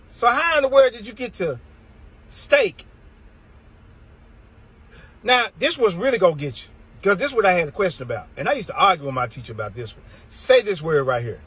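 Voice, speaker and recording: A man delivers an exasperated comic rant with a husky, slightly raspy edge. His pitch sits a little high and swings widely as he drags words out for emphasis, in a loose drawl. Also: very animated, normal speed, pauses often, pushed and bright, poor audio. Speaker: comedian. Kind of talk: comedic rant to camera.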